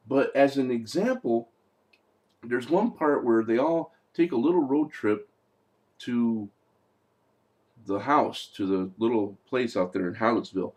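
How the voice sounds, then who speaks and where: Animated man mocking movies. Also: medium pitch. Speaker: movie reviewer. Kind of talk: casual video review.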